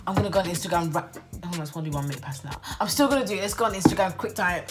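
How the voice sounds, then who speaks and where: A woman's voice: on the low side, rapid-fire, over loud music. A young woman chatting casually to her phone camera in her bedroom, giggling often and drawing out her exclamations. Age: young adult. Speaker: vlogger. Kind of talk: casual vlog chat.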